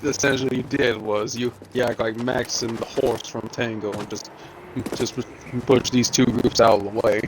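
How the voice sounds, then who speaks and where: A man's voice: mid-range voice, steady tone, moderate pace, background noise. A man co-hosting a game stream, chatting in an easygoing, wry way. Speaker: co-host. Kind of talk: casual chat. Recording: game music under voice.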